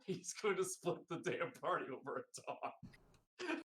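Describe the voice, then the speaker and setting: A man's voice: a little high, big pitch swings, a little slow, a bit bright. A man playing a tabletop game, eager and joking. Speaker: player. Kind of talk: casual tabletop play.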